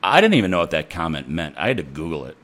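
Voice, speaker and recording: A man's voice: very deep voice, very fast, a bit bright. A man who works as a nurse, telling a story in a casual, blunt and profane way.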